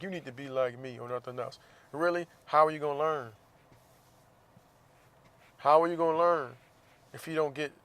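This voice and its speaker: Man, podcast host, casual and profane, higher-pitched speaking voice. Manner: blunt, swears often, laughs between points.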